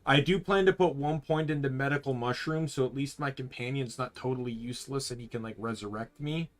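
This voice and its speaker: A man's voice: medium pitch, a little fast. A man casually commenting while playing a video game, rambling and correcting himself as he goes. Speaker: streamer.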